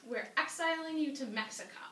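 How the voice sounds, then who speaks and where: A woman voicing a stern male judge who makes authoritative demands. Her voice is bright and high, and it echoes from afar. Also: lively intonation, fairly quick, slight background noise. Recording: roomy, distant live-stage mic.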